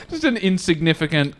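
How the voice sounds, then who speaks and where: A man's voice: high-pitched, a little hiss or hum. A man telling a funny story on a comedy podcast, swearing freely and acting out the people in it. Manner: animated, swears a lot, acts out characters with raised voice.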